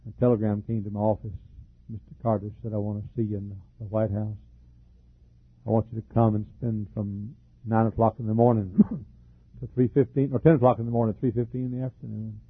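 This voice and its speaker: An older man preaching a fervent sermon as pastor, with a husky, troubled voice, frequent coughs and repeated words. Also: fairly low pitch, level tone, brisk, no room sound. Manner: fervent preaching with repetitions and laughs. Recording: dry, phone-like lo-fi recording.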